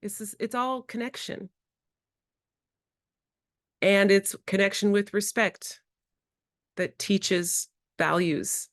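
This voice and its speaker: A woman presenting a childcare workshop, who acts out playful exchanges with children in bright, high voices. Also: slow pace, long pauses, dry recording, studio quality. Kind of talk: early childhood workshop talk. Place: indoor workshop room.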